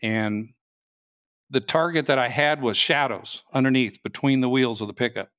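A man, a state trooper, telling his story in a casual interview, halting and restarting sentences as he goes. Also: medium pitch, fairly bright tone, no echo, clean studio sound.

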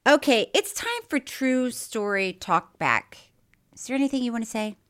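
Woman podcast host, kinda high voice, bouncy and laughy, chatty. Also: moderate pace. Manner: laughs often, animated and playful. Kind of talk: casual chat.

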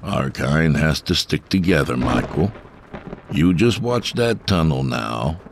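A man playing an eerie, soft-spoken stranger. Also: a bass voice, lively intonation, slow, slight background noise, full character voice. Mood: cold soft. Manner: soft, cold, crisp.

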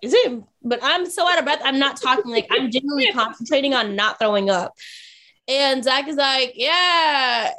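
A woman podcast co-host telling a story in casual chat, animated and acting out what people said. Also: high-pitched, a little fast. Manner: animated, acts out quotes from others.

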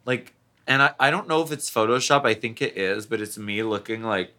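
A man's voice: on the low side, a little fast, pushed and bright. A man co-hosting a chatty podcast in a campy way, drawing out words and using many fillers. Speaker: podcast co-host. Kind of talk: casual chat.

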